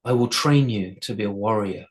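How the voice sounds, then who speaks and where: A man playing a stern, commanding lord who speaks slowly and solemnly. The voice drops low and quiet in a spoken folktale. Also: lightly acted. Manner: slow and solemn.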